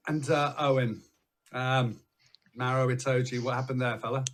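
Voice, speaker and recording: A man's voice: medium pitch, steady tone, moderate pace. A man hosting a casual rugby panel chat, teasing the guests and moving things along. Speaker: podcast host. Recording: faint background noise.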